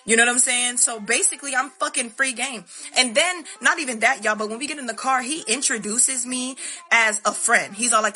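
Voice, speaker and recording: A woman's voice: fairly high pitch, brisk, bright, forceful tone. A young woman telling a candid, profane storytime monologue to her viewers. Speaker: vlogger.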